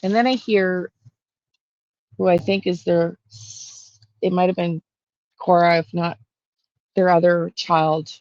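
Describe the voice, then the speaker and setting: Gravelly woman vlogging in halting rambling talk. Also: on the low side, fairly even intonation, darkish tone, no room sound, dull audio. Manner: halting and rambling, many fillers and restarts. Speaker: intuitive true crime vlogger. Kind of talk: casual monologue on camera.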